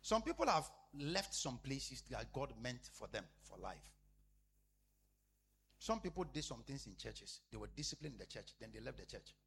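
A man preaching a sermon as a pastor, repeating phrases emphatically and swinging between loud declarations and hushed asides. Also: mid-range voice, very animated, moderate pace, vocal fry, slight background noise.

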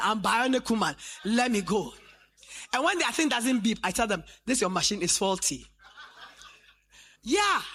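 A woman in her late fifties preaches to a congregation, her voice high and bright. She quotes scripture slowly, then builds to loud, fervent declarations. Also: husky. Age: 50s. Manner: fervent preaching, rising to shouts. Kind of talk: sermon. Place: church.

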